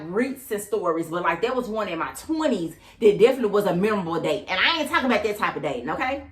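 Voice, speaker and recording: A woman in her thirties hosting a podcast, telling a dating story in a sassy, animated, casual way and talking straight to her listeners. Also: mid-range voice. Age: 30s. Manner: animated, sassy, addresses listeners as girl and y'all. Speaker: podcast host. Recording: roomy echo.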